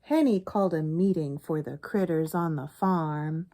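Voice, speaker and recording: A woman reading a picture book aloud for children, pausing to comment on the pictures and ask the listener questions. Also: low-pitched. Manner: animated, expressive reading.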